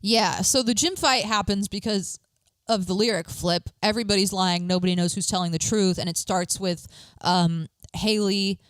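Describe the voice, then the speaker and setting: A woman's voice: medium pitch, moderate pace, clean tone, no echo. A woman co-hosting a podcast, recapping a reality show in casual chat and acting out what people said. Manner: animated, acts out quotes in exaggerated voices. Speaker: podcast co-host.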